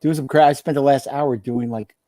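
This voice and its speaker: A man's voice: medium pitch, steady tone, a little fast, warm tone, no echo. A man co-hosting a podcast in casual chat, laid-back and rambling. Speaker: podcast co-host.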